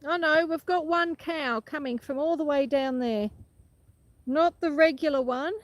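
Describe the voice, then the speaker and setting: A woman's voice: high-pitched, measured pace, no echo, low-quality recording. A woman hosting a casual livestream outdoors on a farm. She chats to viewers and answers their comments while walking, and her voice is cracking. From Australia. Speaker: livestream host. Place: outdoors on a windy rural farm paddock. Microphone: handheld phone. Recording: outdoor phone recording with loud wind noise.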